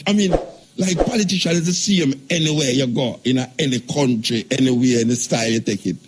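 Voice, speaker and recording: A man's voice: mid-range voice, fairly quick, noisy background. Emphatic older Jamaican man. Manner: emphatic, rambling, speaks in patois. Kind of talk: live radio talk.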